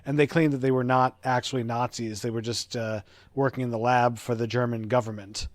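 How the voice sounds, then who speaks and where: A man's voice: medium pitch, flat delivery, a little fast, no room sound. Opinionated male podcast co-host. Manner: opinionated, goes off on tangents. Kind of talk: casual podcast chat.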